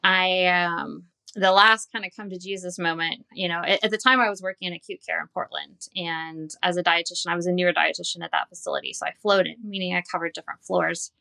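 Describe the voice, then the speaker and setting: A woman's voice: lowish voice, fairly even intonation, brisk, vocal fry, bright, forceful tone, clear, resonant tone. A woman in her forties, a dietitian, telling her personal story candidly and earnestly in an interview. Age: 40s. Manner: candid and earnest, recounting with quoted dialogue. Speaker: dietitian and guest.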